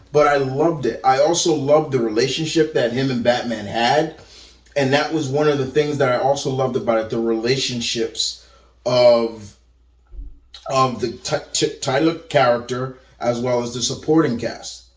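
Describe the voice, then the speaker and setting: Unhurried man, echoey and off-mic. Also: mid-range voice, distant mic. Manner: rambling, frequent restarts and stammered repeats. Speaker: movie reviewer. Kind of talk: casual spoken movie review. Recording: roomy echo, voice set back from the mic.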